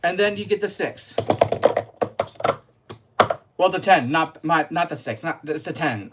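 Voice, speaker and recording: Over a very noisy recording full of plastic cup clatter, a livestreamer speaks at medium pitch and normal speed, animated but with long pauses. Chatty and responsive to live chat, they walk viewers through cup stacking one step at a time.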